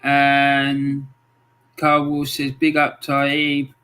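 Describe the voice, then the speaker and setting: A man's voice: medium pitch, monotone, extremely slow, pushed and bright, clean tone, soft background music. A man hosting a casual livestream, chatting in a friendly way and greeting viewers with lots of ums. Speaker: livestream host. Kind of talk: casual livestream chat, reading out viewer comments.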